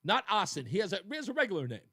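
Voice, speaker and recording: A male talk radio host speaks in a high, bright voice from a studio. He talks in an animated, mocking way and often breaks into laughter. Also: racing, slightly rough. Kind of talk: political talk radio monologue.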